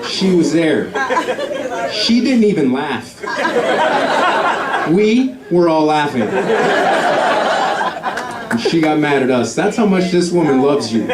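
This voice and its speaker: Middle-aged guy doing stand-up, jumps all over in pitch, sounds a bit far from the mic in an echoey room. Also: big pitch swings, measured pace, long pauses. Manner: storytelling, acts out quotes with sudden loud shifts. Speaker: stand-up comedian. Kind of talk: stand-up comedy set. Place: comedy club stage with a laughing audience. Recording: echoey live club audio with crowd laughter.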